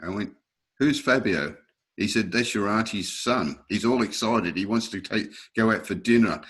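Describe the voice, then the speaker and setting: Deep-voiced man in his sixties. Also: moderate pace, husky. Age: 60s. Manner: lively anecdotes, acting out quoted voices, frequent chuckles. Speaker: interview guest. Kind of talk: storytelling in a casual interview.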